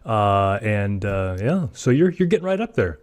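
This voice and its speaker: A man's voice: lowish voice, very animated, normal speed. A man hosting a tech podcast, chatting casually in a joking, self-mocking way with plenty of fillers. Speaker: podcast host.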